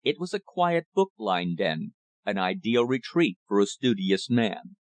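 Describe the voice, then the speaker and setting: A man reading an audiobook as narrator in a measured, steady manner. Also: on the low side, no room sound.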